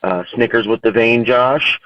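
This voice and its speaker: A man's voice: mid-range voice, measured pace, a bit bright, no echo. A man from North Carolina leaving a casual, hesitant voicemail for a podcast. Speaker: voicemail caller. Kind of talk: voicemail message. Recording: dull lo-fi voicemail line.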